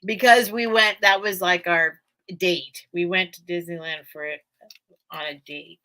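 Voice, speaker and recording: Woman host of a home sales live stream, unhurried, bright and forceful tone, rambly and chatty. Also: lowish voice, steady tone. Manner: chatty, rambling, thanks viewers often. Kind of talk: casual live-stream chat.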